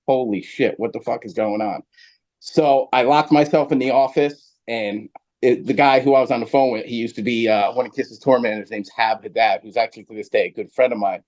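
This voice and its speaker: A man from New Jersey tells a long story as a podcast guest, rambling and animated, with lots of fillers. His voice sits at a middle pitch. The recording sounds a bit dull and lo-fi. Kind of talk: storytelling in casual chat.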